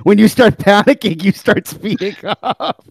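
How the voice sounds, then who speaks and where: A man's voice: high voice, a little slow, vocal fry, husky, dry recording. A man co-hosting a casual podcast chat, giving dry, teasing critiques.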